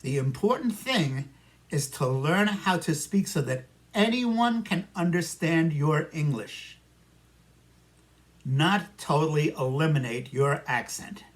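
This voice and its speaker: A man's voice: on the high side, expressive. A man with a New York accent teaching an English listening lesson, talking patiently to students and echoing their answers. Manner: slow, patient, talks to imagined students and answers for them. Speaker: ESL teacher. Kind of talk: simulated classroom micro lesson.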